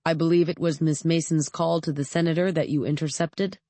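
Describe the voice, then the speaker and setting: A woman voicing a calm, measured male journalist in an audiobook. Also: deep voice, no echo, close to an everyday voice.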